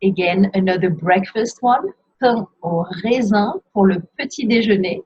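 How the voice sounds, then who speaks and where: A woman teaching how to pronounce pastry names in a slow, careful lesson, saying each word and repeating it. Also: medium pitch, darkish tone, breathy edge. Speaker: French teacher. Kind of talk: pronunciation lesson. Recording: dull lo-fi sound.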